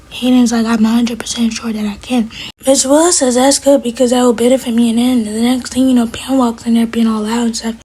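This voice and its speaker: A woman's voice: a little high, a little mellow. A woman giving a casual spoken recap of a TV episode, retelling its scenes and quoting the characters' dialogue. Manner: quick, breathy retelling with quoted dialogue. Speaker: TV episode reviewer.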